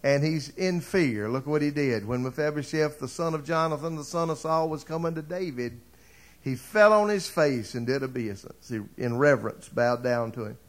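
A man's voice: a little high, expressive, moderate pace. A male preacher delivering a sermon, retelling a story dramatically and building to fervent appeals to the congregation.

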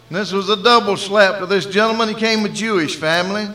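Southern man, preacher, folksy storyteller, slightly higher voice. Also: fast, bright, forceful tone. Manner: folksy storytelling, acting out dialogue. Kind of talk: sermon.

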